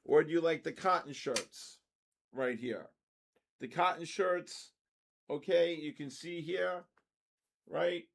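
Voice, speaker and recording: An older man hosts a casual trading livestream, chatting loosely and breaking into excited shouts when the markets move. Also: fairly high pitch, slow, vocal fry, long pauses, a little hiss or hum.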